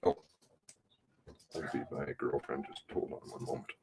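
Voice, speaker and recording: A man's voice: a bass voice, fairly even intonation, normal speed, vocal fry, noisy background. A man hosting a casual livestream, greeting viewers by name and reading chat with a sardonic drawl.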